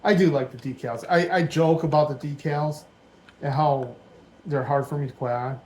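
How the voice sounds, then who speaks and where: A man's voice: a little high, steady tone, normal speed, darkish tone, slight background noise, rough recording. A man in his forties giving casual, rambling commentary while he builds a Lego set at home, thinking aloud as he goes. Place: dim room at home.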